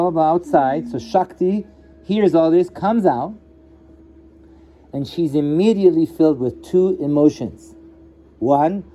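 A man's voice: fairly high pitch, dark tone, slight background noise, low-quality recording. A man teaching yoga at a live gathering, telling a story in a casual way and acting out the characters' lines. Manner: casual storytelling with voiced asides. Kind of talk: live satsang talk.

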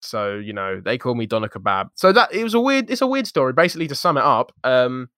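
A young man co-hosting a podcast, telling a story in a lively, jokey, slangy way. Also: medium pitch, quick pace, no echo, studio quality. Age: young adult. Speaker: podcast co-host. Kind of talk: casual storytelling chat.

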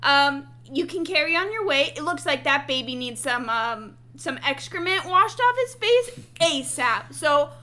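A woman's voice: high-pitched, animated, a little slow, hardly any pauses, bright, forceful tone, heavily acted. A woman voicing a chirpy young woman adventurer in a tabletop game, earnest and chatty, hedging often with "um". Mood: persuasive.

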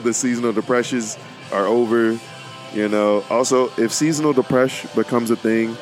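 A young man talking casually about faith and his life as a podcast host, rambling and repeating words, with plenty of informal slang. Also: fairly low pitch. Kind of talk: casual faith-based monologue.

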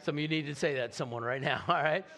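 A male pastor giving a lively Christmas Eve sermon in church, calling on the congregation to respond. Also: fairly high pitch, quick pace. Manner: energetic, calls on the congregation to respond. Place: church sanctuary.

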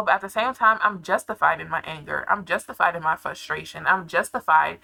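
A woman's voice: lowish voice, fairly quick, vocal fry, bright, forceful tone, rough recording. A young woman telling a personal story to her viewers in casual, slangy chat, full of "like" and asides. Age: young adult. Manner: slangy and confiding, full of filler "like". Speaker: vlogger.

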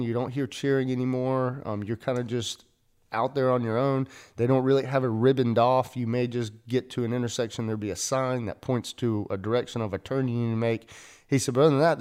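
A man's voice: medium pitch, darkish tone, smooth. Male podcast host, folksy, self-deprecating storyteller, mid-range voice. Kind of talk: casual storytelling.

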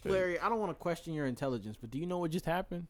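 A man co-hosting a casual podcast, telling crude jokes in a lively, slangy way. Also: fairly high pitch, very fast, dry recording. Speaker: podcast co-host.

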